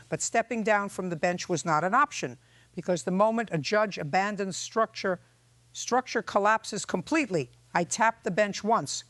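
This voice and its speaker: A woman's voice: on the low side, dry recording. A woman reads a first-person courtroom story as the judge on the bench. She paces it evenly and reflects as she goes. The sound is dry and near the mic. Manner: measured, reflective. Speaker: narrator as judge. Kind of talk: scripted narration.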